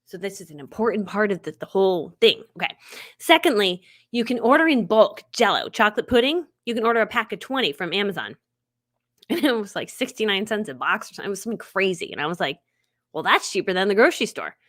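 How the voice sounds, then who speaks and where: Quick and sing-song, her medium-pitched voice has a slightly bright edge. She's a middle-aged live-stream host swapping chatty stories, often laughing and impersonating what others said.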